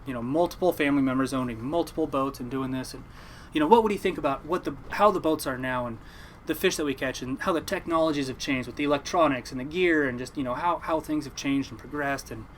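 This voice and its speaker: Talking fast in a medium-pitched voice, over a slight hiss or hum, this young Oregon man captains a fishing boat. His casual story rambles along animatedly as he acts out others' quotes.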